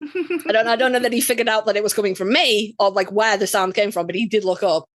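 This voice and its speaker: Animated British woman telling a story. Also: a little high, quick pace, dry recording. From United Kingdom. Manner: animated, swears casually, acts out quotes. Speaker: podcast guest. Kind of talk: casual storytelling chat.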